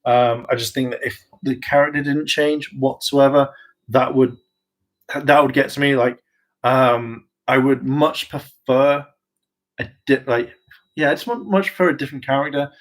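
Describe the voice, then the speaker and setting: Rambling, excitable man vlogging casually. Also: medium pitch, moderate pace. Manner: rambling and hesitant, with many ums and restarts; enthusiastic, often laughing. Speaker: YouTuber discussing a TV franchise. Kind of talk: casual vlog chat.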